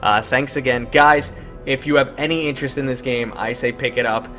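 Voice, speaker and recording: A man's voice: mid-range voice, fairly even intonation, fairly quick, sharp tone, soft background music. New York man hosting, enthusiastic. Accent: New York City. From New York City. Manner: enthusiastic, joking. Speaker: host. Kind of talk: casual interview chat.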